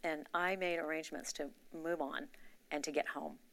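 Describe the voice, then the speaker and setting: A woman's voice: low voice, fairly even intonation, moderate pace, vocal fry, fairly bright tone. A woman giving a candid, confessional personal testimony to her church in a conversational way. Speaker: church member sharing a testimony. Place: church gathering.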